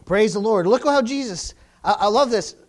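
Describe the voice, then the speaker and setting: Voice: mid-range voice, lively intonation, moderate pace. A pastor preaching, calling out "amen?". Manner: punctuates with "amen?" and "praise the Lord"; stumbles and restarts phrases often. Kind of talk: sermon. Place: church congregation.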